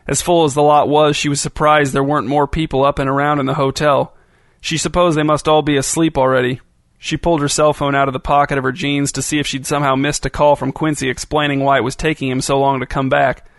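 A man narrating a novel in a steady, even storytelling voice. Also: fairly high pitch, fast talker, no echo. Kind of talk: audiobook narration.

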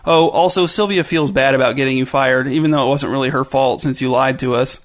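A man's voice: mid-range voice, fairly even intonation, a little fast, natural voice. A man voicing a smug, knowing teenage girl in a storybook reading, teasing in a sing-song way. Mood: accusing.

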